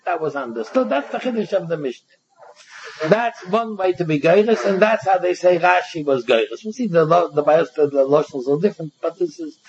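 A man's voice: high-pitched, a little mellow, breathy edge. Man teaching Talmud, Yeshivish English. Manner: halting, repeats words and restarts, reads Aramaic then translates. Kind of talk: explaining a Talmud text aloud. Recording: dull lo-fi recording.

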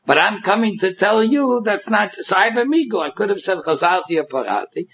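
A man's voice: sits high, animated, a little fast, a bit bright, slightly rough. A man giving a Talmud lecture, explaining each passage by acting out both sides of the dispute. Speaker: Talmud teacher. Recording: dull lo-fi recording.

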